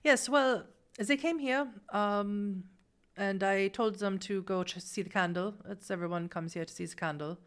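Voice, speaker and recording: A woman's voice: mid-range voice, normal speed, fairly bright tone, clear, resonant tone, close to an everyday voice. A woman playing an evasive German innkeeper. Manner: hesitant and defensive, full of fillers.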